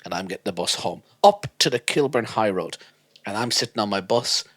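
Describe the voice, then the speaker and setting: A man co-hosting a podcast, chatting casually and telling animated stories. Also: lowish voice, brisk, no room sound. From Ireland. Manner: animated storyteller, slips into voices. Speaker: podcast co-host. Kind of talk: casual chat.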